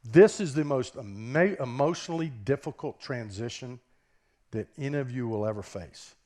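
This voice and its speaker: A man's voice: medium pitch, lively intonation, moderate pace, darkish tone. A man with a Southern US accent giving a conference keynote as a business professor, talking conversationally and often checking in with the audience through rhetorical questions, on a stage microphone.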